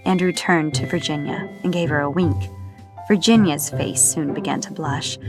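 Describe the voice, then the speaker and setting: A woman reading novel narration in a steady storytelling manner. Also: low-pitched, normal speed, over music. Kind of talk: audiobook narration.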